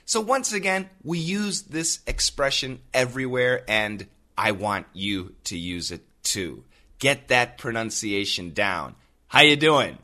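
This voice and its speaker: A man with an American accent teaching English on a podcast, upbeat and clear, repeating phrases for the listener. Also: medium pitch, expressive, a little slow, pushed and bright. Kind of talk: podcast lesson.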